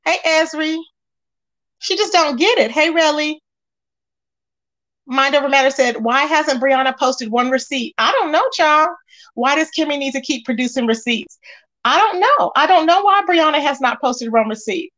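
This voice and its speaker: Casting: high-pitched woman host, sassy, scolding gossip commentary. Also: normal speed, fairly bright tone. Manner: sassy, emphatic, scolding asides. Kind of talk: casual gossip commentary reading chat.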